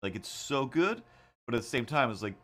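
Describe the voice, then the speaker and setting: A man hosting a casual livestream while he draws, rambling through animated stories with lots of fillers and restarts. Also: medium pitch, a little fast. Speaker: livestream host.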